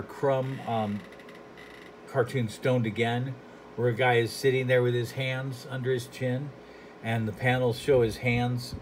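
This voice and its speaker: A man's voice: mid-range voice, slight background noise. A man giving a casual, rambling commentary on a comic book, dry and unimpressed, with frequent fillers and trailing thoughts.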